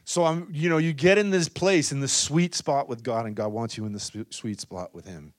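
A man preaching a charismatic sermon, swinging between loud exhortation and soft, intimate asides, often adding "come on" and "right?". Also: medium pitch, moderate pace, no echo, clean studio sound. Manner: peppers talk with "come on" and "right?".

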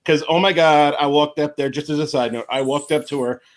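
A man co-hosting a podcast in casual chat, playful and animated when telling stories. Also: on the high side, fairly quick. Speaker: podcast co-host.

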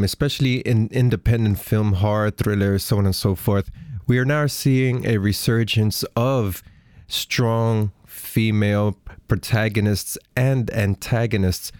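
A man hosting a podcast interview who asks his questions haltingly and stumbles over his words. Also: lowish voice, steady tone, a little mellow, clean tone, dry recording, studio quality.

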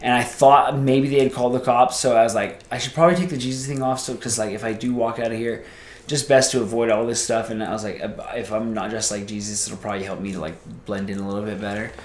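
A man's voice: mid-range voice, quick pace, roomy sound. Rambling man telling a story. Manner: rambling, animated, acts out quoted voices. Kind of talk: casual storytelling.

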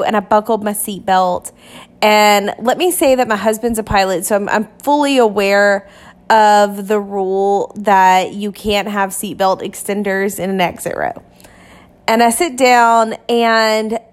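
A woman telling a painful personal story in a candid, confessional way, with many fillers and restarts. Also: medium pitch. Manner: acts out short quoted exchanges in her telling. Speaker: podcast storyteller.

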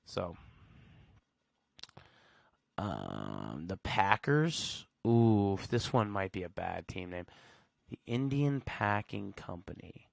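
A man's voice: low-pitched, sing-song, slow pace, vocal fry, long pauses, no echo. A man hosting a solo podcast in a casual, slangy way, reading facts aloud and reacting with blunt verdicts. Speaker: podcast host.

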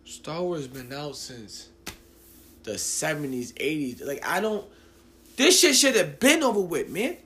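A man's voice: a little high, very animated, measured pace, fairly bright tone, slight background noise. A man in his late twenties hosting his own podcast, ranting casually, profane and rambling with lots of restarts. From New Jersey. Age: 20s. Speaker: podcast host. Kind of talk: casual solo podcast rant.

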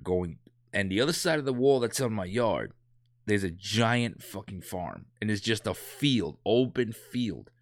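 Rambling, low-voiced man in his thirties. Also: animated, a little slow, no room sound, clean studio sound. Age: 30s. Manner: rambling, loose and profane, with many restarts. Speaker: storyteller. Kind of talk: casual spoken anecdote.

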